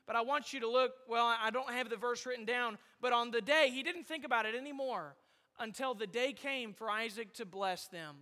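Male preacher, very high and bright voice, emphatic repetition, church hall reverb. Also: normal speed. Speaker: pastor. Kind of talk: sermon.

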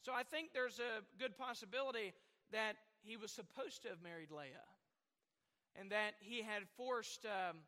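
A man's voice: high voice, moderate pace, pushed and bright, in a large hall. A man preaching a sermon, rambling at times and asking the congregation questions. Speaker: pastor.

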